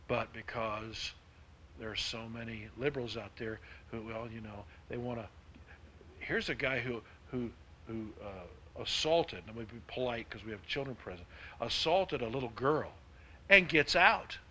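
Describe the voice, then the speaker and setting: A man preaching a sermon, with emphatic delivery that swings between hushed and loud. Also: on the low side, fairly even intonation, normal speed, slight background noise. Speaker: pastor.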